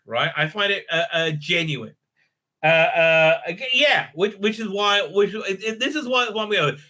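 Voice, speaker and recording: Rambling man, bright edgy voice. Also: high-pitched. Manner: rambling, profane, keeps asking "right?". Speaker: TV show reviewer. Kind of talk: casual spoken recap.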